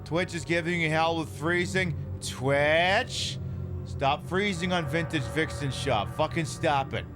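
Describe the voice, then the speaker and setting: Male streamer, profane rambling commentary over clear background music. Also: on the high side, slow. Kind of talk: casual gameplay commentary.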